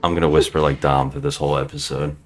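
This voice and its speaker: A man's voice: a bass voice, flat delivery, fast. A man hosting a podcast, chatting casually with profane, joking banter. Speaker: podcast host.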